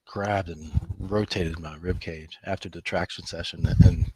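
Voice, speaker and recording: A man's voice: deep voice, fairly even intonation, a little slow, warm tone, slightly rough. A man hosting a live trading room, talking emphatically to his viewers, scolding them and laughing often.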